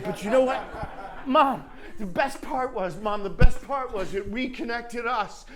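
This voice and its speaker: A man's voice: extremely high pitch, unhurried, crowd noise. A man performing a confessional stage monologue, earnest and emotional as he speaks to his late mother, tearful at times.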